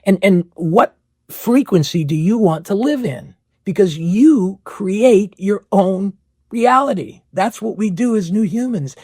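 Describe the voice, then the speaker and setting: Man, podcast host, spiritual monologue, rhetorical questions, husky, dry close sound. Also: high-pitched, expressive, slow pace, darkish tone, no room sound. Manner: rhetorical questions, repeats phrases.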